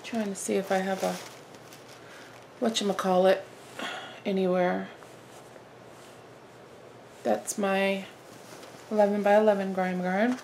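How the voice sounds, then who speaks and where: A woman with a gravelly edge to her voice chats through a craft haul at home, excited and gushing, now and then slipping into a hushed whisper. Her pitch sits in the middle, and faint noise hangs under the camera mic. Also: takes it slowly, long pauses. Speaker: flosstube host. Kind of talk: casual haul vlog.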